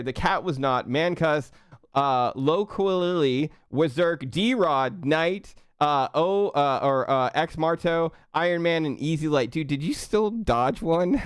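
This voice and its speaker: A young man hosting a live stream, thanking viewers in an excitable way, laughing and stumbling over his words, out of breath. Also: mid-range voice, clean tone, no room sound, clean studio sound. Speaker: livestream host.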